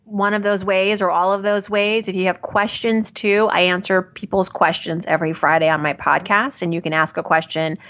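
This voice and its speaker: A woman's voice: on the low side, a bit bright, dull audio. A woman guest, an author, speaking in a friendly way as she tells listeners where to find her. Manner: friendly, eager to connect with listeners. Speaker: guest, author and finance expert. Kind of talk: casual interview chat.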